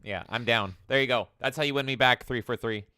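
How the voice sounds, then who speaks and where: A man's voice: medium pitch, a little fast, background noise. A Canadian man co-hosting a podcast, ranting sarcastically in casual chat and swearing freely. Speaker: podcast co-host.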